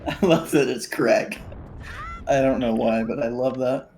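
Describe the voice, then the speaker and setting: A man's voice: medium pitch, a little slow, vocal fry, darkish tone, slight background noise. A man commentating a live game tournament casually, laughing easily and asking his co-commentators questions. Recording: roomy echo on his mic.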